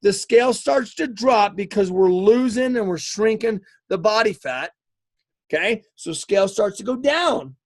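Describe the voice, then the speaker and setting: A male fitness coach giving an energetic live coaching talk, emphatic and repetitive, often checking in with "okay?". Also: sits high, a little slow. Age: adult, married eighteen years.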